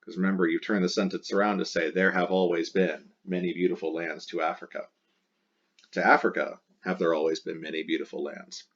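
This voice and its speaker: A man with a very low voice explains a language exercise in a patient, step-by-step way, going back over the key words again and again. The sound is dull and lo-fi, like a simple home recording. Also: little pitch movement, brisk, a bit bright. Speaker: Latin teacher.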